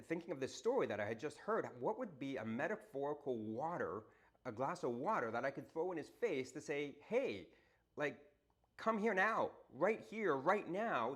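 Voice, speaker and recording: Guy telling a story on his channel, chatty, lots of "you know" and "right?", acts out the dialogue, middle pitch. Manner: conversational, frequent "you know" and "right?" tags; animated, acts out quoted dialogue. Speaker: motivational video host. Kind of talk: casual storytelling monologue.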